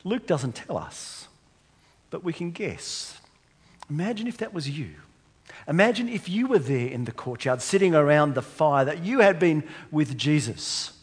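A man's voice: on the high side, sing-song, measured pace, breathy edge. A man preaching a sermon to a congregation, speaking emphatically and posing rhetorical questions. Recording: long hall reverb.

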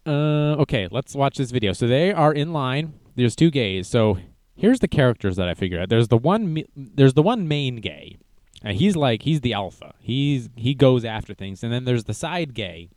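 Man, sarcastic reaction commentary, rambling, mid-pitched voice, dry close sound. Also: lively intonation, moderate pace, darkish tone, dry recording.

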